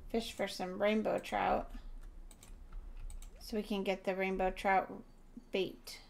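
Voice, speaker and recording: A woman's voice: medium pitch, vocal fry. A woman giving casual gameplay commentary as a streamer, chatting to her viewers and sounding tired. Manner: chatty, talks to chat viewers. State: tired, yawning. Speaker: gaming streamer.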